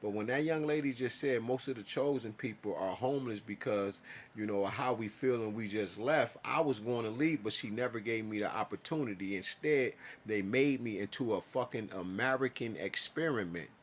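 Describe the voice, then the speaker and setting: A man's voice: lowish voice, moderate pace, slight background noise. A man telling his own story in a casual, profane monologue, acting out his side of conversations.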